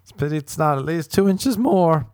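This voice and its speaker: Man doing a high-pitched sarcastic woman, exaggerated gushing, mocking, dry close sound. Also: expressive, fairly quick, darkish tone, dry recording, lightly acted. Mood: fake gushing. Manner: exaggerated gushing, then scornful. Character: sarcastic woman faking delight, then mocking.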